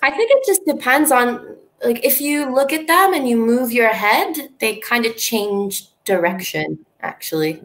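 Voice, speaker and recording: Canadian woman, relaxed lesson co-host, slow delivery, a bit high, giggly. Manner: easygoing, laughs often, thinks aloud with restarts. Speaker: English teacher co-hosting a livestream. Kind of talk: friendly live online lesson chat.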